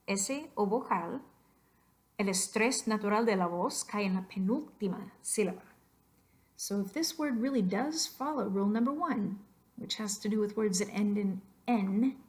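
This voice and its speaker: A young adult woman with a medium-pitched voice, a Spanish teacher, narrates a slide lecture on accent rules. She switches between English and Spanish and adds soft asides.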